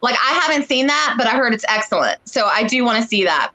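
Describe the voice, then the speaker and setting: Bright high-voiced woman co-hosting a chat. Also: fast talker, poor audio. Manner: chatty and animated, retelling scenes in quoted voices. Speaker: co-host. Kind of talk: casual chat.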